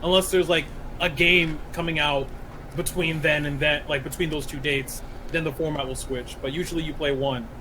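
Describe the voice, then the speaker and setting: A man's voice: a little high, steady tone, moderate pace, sharp tone, slight background noise, rough recording. A man co-hosting a casual podcast, explaining things in a laid-back way. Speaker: podcast co-host.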